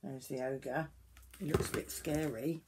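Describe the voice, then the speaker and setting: An older woman reading a picture book aloud to children, gentle and stopping to point at the pictures. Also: very deep voice, fairly even intonation, a little slow, background noise. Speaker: storyteller grandmother.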